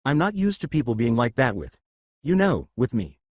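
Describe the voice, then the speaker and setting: A man's voice: medium pitch, wildly swooping pitch, normal speed, dry recording. A man reading as a shy stammering teenage girl. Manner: hesitant, stammering.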